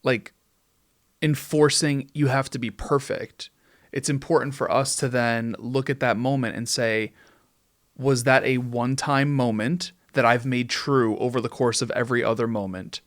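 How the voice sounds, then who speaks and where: A man hosting a podcast, speaking in a reflective, affirming, measured way. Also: medium pitch, fairly even intonation. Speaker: podcast host. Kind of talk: podcast conversation.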